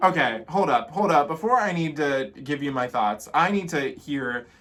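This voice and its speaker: A man hosting a casual music reaction, talking animatedly and breaking into sudden high exclamations. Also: animated, normal speed, fairly bright tone.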